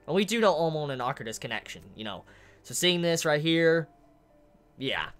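A man's voice: on the high side, very animated, moderate pace, a bit bright, faint music behind. A man casually reviewing a manga chapter who gets openly worked up and swears as he talks.

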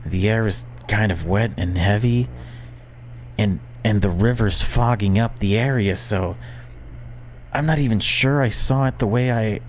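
A man's voice: fairly low pitch, measured pace, slight background noise, pitched above the performer's own voice, close to an everyday voice. A man doing a jittery stammering caller. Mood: nervous. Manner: nervous, stammering. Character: jittery young male night-owl caller.

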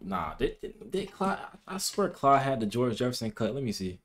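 A man's voice: mid-range voice, big pitch swings, brisk. Laid-back man riffing on basketball clips. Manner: loose, slangy, incredulous banter. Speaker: YouTube reaction host. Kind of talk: casual reaction commentary.

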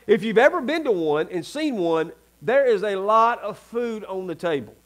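A Southern US man preaches a sermon in a church, his voice sitting high for a man. He talks in a folksy, chatty way and keeps turning to the congregation with quick asides. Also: lively intonation. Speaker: pastor. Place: church sanctuary.

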